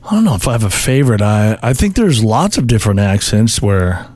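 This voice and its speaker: A man's voice: lowish voice, big pitch swings, a little fast, darkish tone, no echo. A man co-hosting a casual talk show, joking and laughing often. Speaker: radio co-host. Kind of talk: casual chat.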